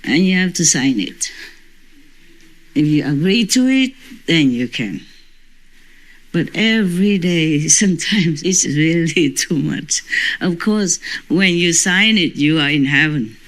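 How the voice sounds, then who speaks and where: A woman's voice: low voice, expressive, slow pace, rough recording. A woman spiritual teacher talking informally to her disciples, chatty and often breaking into laughter.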